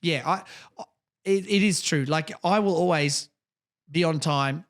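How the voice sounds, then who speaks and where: A man's voice: a little high, unhurried, fairly bright tone. A man co-hosting a podcast in casual chat, blunt and emphatic, swearing freely. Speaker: podcast co-host.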